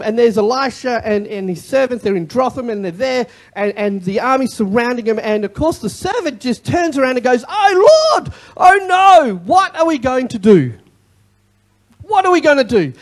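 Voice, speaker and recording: A pastor preaching a sermon in an animated way, with joking asides and repeated key phrases. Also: mid-range voice.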